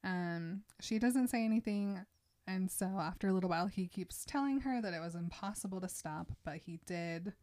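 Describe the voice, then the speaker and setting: A woman hosting a casual podcast, retelling a novel's scenes in a chatty way and quickly voicing the characters' lines. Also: mid-range voice, a little mellow. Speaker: podcast host recapping a book. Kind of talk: casual book recap chat.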